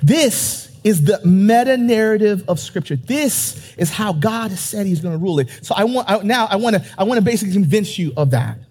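Man, pastor, sermon in church, high voice, husky tone, emphatic, calls to the congregation. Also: animated, a little fast, few pauses, a little mellow.

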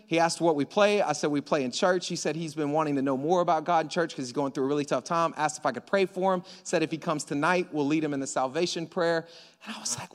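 A man preaching a sermon as pastor, conversational and storytelling, with animated asides. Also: high-pitched, brisk. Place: church auditorium. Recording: long hall reverb.

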